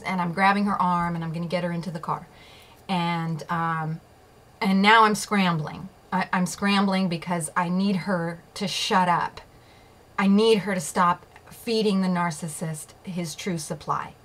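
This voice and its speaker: Telling a story from her own life, a woman vlogger speaks in an unhurried, steady, fairly low voice with a slightly bright edge. She makes her points emphatically, curses now and then, and often asks her listeners "okay?" or "right?", all captured on a rough recording.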